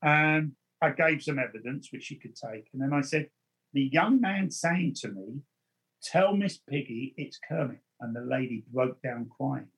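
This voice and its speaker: A man, a medium, telling stories and giving advice in an interview in an earnest manner, slowing down to stress his points. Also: mid-range voice, animated, fairly bright tone, husky, poor audio. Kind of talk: anecdotal storytelling in an interview.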